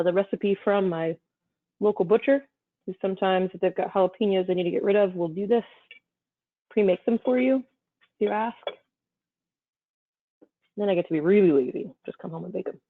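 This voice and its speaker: A woman guest chef chatting casually while plating food, easygoing and quick to laugh. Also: medium pitch, dry recording. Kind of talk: casual chat while cooking. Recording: thin phone-like sound, dry.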